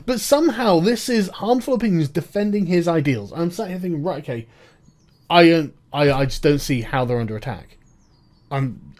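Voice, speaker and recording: A man's voice: sits high, a little mellow. A man ranting in an exasperated, profane and rambling way, with many false starts. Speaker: online commentator. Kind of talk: ranting video commentary.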